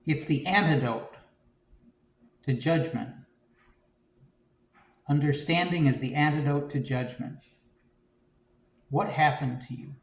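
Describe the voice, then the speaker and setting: A man giving a conversational homily, relaxed and reflective, with frequent "you know" and "um". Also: fairly high pitch, slow, long pauses, reverberant. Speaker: preacher.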